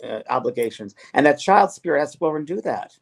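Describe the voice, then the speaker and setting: A middle-aged man, working as a medium and show host, leads a casual conversation about spirit messages. He speaks earnestly and quickly with lively intonation, his slightly high voice husky with vocal fry, and he often repeats himself and restarts sentences.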